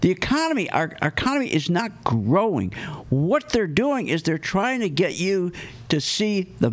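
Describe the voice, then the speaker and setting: Brief: male talk radio host, higher voice, very lively swings, emphatic and repetitive. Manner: emphatic, repeats key points, rhetorical questions. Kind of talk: opinionated talk radio monologue.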